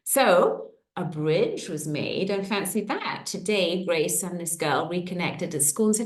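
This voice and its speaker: Lively middle-aged woman, echoey room. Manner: lively storytelling with quick pitch jumps. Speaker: coach. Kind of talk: casual talk to an online group.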